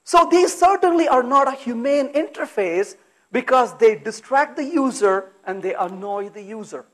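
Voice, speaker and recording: Lively, high-voiced man giving a conference talk. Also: normal speed. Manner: lively, rhetorical questions, acts out exasperated asides. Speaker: conference speaker. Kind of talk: animated technical conference talk. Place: conference hall.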